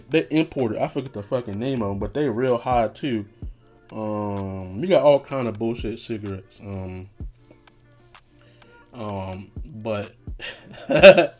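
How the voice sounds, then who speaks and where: A man's voice: medium pitch, animated, takes it slowly, pauses often, darkish tone, faint music behind. A young man hosting a casual solo podcast, talking in a laid-back, profane way and laughing often. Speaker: podcast host.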